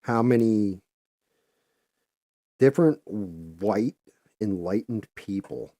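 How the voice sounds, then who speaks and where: A middle-aged man talks in a loose, profane, rambling way, restarting his sentences as he tells a story. His voice sits very low and dark. The sound is dry and close, with no room around it. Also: animated, takes it slowly, no room sound. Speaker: podcast host. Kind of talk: casual monologue.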